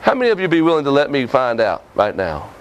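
A man's voice: medium pitch, wildly swooping pitch, quick pace, a little hiss or hum. A male preacher, preaching a sermon in a folksy, scolding way and often asking the congregation questions.

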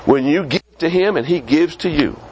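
Preaching male pastor, fairly high voice. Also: expressive, a little mellow, a little hiss or hum, low-quality recording. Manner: preaching with quick rises and drops in pitch. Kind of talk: sermon. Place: church sanctuary.

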